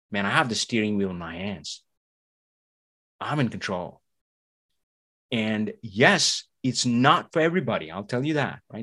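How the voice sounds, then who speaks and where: A man's voice: on the low side, fairly bright tone. A man hosting a podcast, talking in a motivational monologue, acting out little voices and asking rhetorical questions. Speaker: podcast host.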